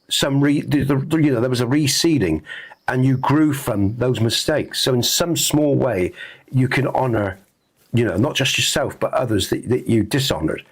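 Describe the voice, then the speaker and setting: A man's voice: mid-range voice, slightly rough. A middle-aged man hosting a game stream, talking earnestly in a rambling, reflective way with lots of fillers and restarts. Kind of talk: reflective casual chat on stream.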